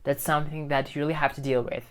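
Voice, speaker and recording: Fast and level in tone, a man's clean, somewhat high voice delivers an informal English lesson straight to a phone camera. As the teacher and host, he stresses points, repeats himself, and keeps saying "okay?".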